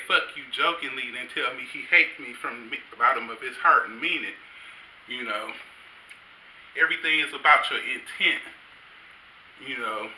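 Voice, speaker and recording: A man's voice: medium pitch, sharp tone, a little hiss or hum. A middle-aged man, a grandfather, doing a loose, profane stand-up set on a comedy stage with a handheld mic. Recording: roomy stage sound, faint ambience.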